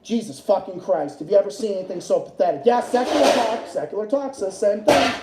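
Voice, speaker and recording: A man's voice: high-pitched, fast, heavy background noise. A man hosting a livestream who rants in an angry, profane way, repeating himself over and over. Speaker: livestream host. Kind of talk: solo political rant stream. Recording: echoey room.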